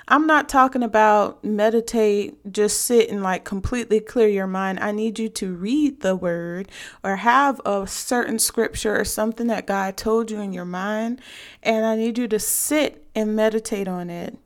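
Female podcast host, devotional chat, earnest and direct, some vocal fry. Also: medium pitch. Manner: earnest, conversational, addresses listeners directly. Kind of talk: casual devotional podcast talk.

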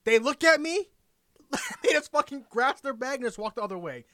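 A man's voice: extremely high pitch, expressive, pushed and bright, dry recording. A man from Florida on a podcast, telling stories in casual chat and laughing often. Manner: fast, laughing storyteller. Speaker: podcast guest.

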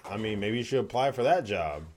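A young man co-hosting a podcast in relaxed conversation, easygoing and quick to laugh. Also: fairly low pitch, slight background noise. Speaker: podcast co-host. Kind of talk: casual chat.

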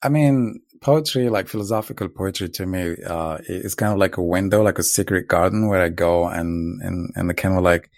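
A man's voice: low voice, brisk, few pauses, no echo, clean studio sound. A man from Morocco, co-hosting a podcast in a reflective, hesitant way with many restarts. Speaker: podcast co-host. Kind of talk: casual conversation.

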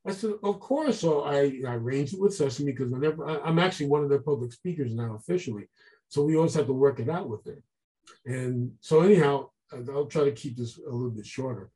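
A man telling a long story as an interview guest, animated and acting out the voices of people he quotes. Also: mid-range voice, fast talker, low-quality recording. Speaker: guest artist. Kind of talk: casual storytelling.

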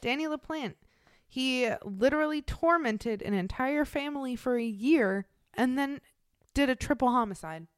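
A woman co-hosting a true crime podcast, telling the case in a casual, animated way, laughing often and swearing freely. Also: high voice, normal speed, clear, resonant tone, no room sound, clean studio sound. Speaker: podcast co-host.

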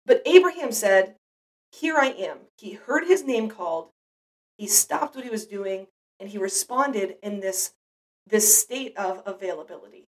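A woman's voice: medium pitch, expressive, measured pace, far from the mic, rough recording. A mother giving an earnest, reflective devotional Bible teaching, speaking directly to the listener.

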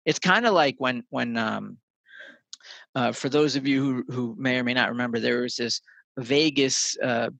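Bright-voiced man telling stories animatedly. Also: medium pitch, moderate pace, gravelly, no echo, poor audio. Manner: animated storyteller, swears casually. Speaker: podcast guest. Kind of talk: casual conversation.

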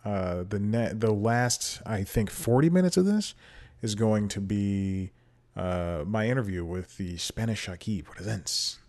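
A man with a lowish, dark-toned, expressive voice hosts his podcast solo at a measured pace, speaking into a desk mic at home while a TV plays in the background. He rambles casually, pokes fun at himself, and laughs frequently between thoughts.

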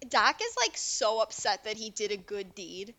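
A woman's voice: mid-range voice, sing-song, sharp tone. A woman co-hosting a podcast, chatting casually and enthusiastically about a movie. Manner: enthusiastic, chatty, quick to laugh. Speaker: podcast co-host.

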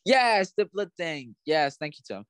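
A man co-hosting a podcast, chatting casually and excitedly with lots of fillers. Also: fairly high pitch, a little slow, clear, resonant tone, dry recording. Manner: excitable, animated, many "like"s and fillers. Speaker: podcast co-host. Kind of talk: casual chat.

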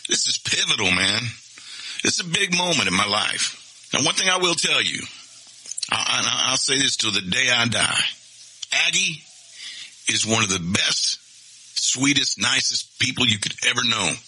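A man's voice: on the low side, bright, forceful tone, breathy edge, low-quality recording. A man hosting a podcast, telling a personal story in a candid, profane, emotional way. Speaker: podcast host.

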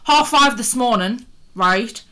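A woman's voice: a little high, lively intonation, slow, bright, forceful tone. A young woman with a North East English accent, co-hosting a podcast in a blunt, chatty storytelling way. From North East England. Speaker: podcast co-host. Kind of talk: casual chat.

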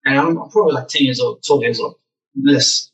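A young man telling lively stories about his childhood as a guest in a casual interview. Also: mid-range voice, brisk, recorded from a distance, low-quality recording. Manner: animated, acts out childhood memories.

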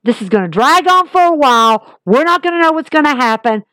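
A woman's voice: high-pitched, lively intonation, fairly quick, sharp tone, no room sound. A woman hosting a casual wrestling recap podcast, talking emphatically and repeating herself like an exasperated fan.

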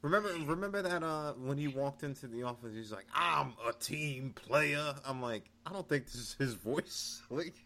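A man co-hosting a podcast in casual chat, recapping news in a relaxed, chatty way. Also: medium pitch, brisk, few pauses. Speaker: podcast co-host.

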